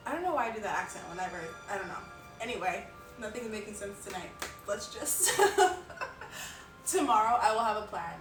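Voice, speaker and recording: A woman's voice: medium pitch, very animated, moderate pace, distant mic. A young woman chatting casually on a live stream, rambling and giggling with lots of filler words. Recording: roomy, off-mic, music behind.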